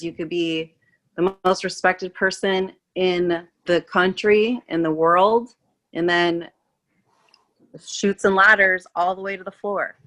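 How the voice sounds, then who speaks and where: Bright-voiced rambling woman. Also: mid-range voice. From California. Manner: rambling, with many restarts and fillers. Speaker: guest. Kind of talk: casual political chat.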